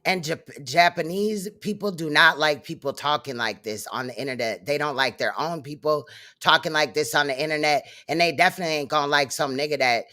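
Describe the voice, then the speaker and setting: Scornful woman commentator, bright voice. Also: low-pitched, fairly quick. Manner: scornful, mocking asides. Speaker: commentary host. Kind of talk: reaction commentary.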